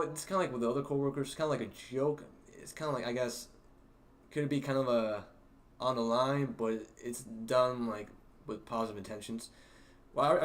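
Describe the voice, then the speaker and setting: A young man hosting a livestream, telling stories about work in a rambling, halting way with many fillers and laughs. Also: mid-range voice. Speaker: livestream host. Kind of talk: casual storytelling to a livestream chat.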